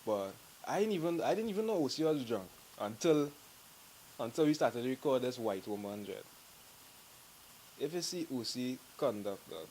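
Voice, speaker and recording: A man with a Trinidadian accent telling stories to the camera in a lively way, laughing and acting out what friends said. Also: medium pitch, moderate pace, a little hiss or hum, low-quality recording. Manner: animated, laughing, acts out quotes. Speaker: group member telling stories. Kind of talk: casual storytelling to camera.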